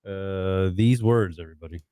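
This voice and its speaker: A man's voice: low-pitched, moderate pace, warm tone, clear, resonant tone, no echo, studio quality. A man hosting a radio show, rambling through lead-ins to the breaks.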